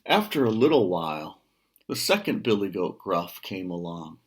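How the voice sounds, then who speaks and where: A man's voice: deep voice, very animated, moderate pace, breathy edge. A man from Detroit reading a children's story aloud, stopping now and then to explain what is happening. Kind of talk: storybook read-aloud with asides.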